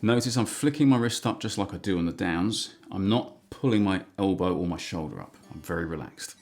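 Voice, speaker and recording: Man, deep voice, guitar lesson, counting beats aloud, loud guitar strumming behind. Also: animated, fairly quick, few pauses. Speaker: guitar teacher. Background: acoustic guitar strumming.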